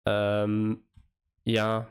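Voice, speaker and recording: A young man in his twenties chatting casually on a live stream, halting and rambling with stammered restarts. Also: fairly low pitch, completely flat delivery, clear, resonant tone.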